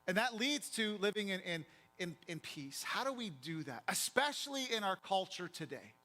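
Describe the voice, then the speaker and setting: Preaching from a church pulpit, a pastor with a high voice speaks in a bright, forceful tone with big pitch swings at a moderate pace. His delivery is vivid and conversational, as though chatting with the congregation.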